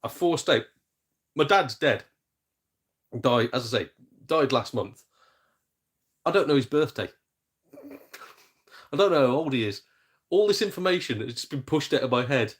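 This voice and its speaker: A man's voice: medium pitch, expressive, measured pace, long pauses. A man hosting a casual live game stream, chatty and self-mocking, reading out viewers' messages. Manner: chatty, jokey and self-mocking, with mild swearing. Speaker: gaming streamer.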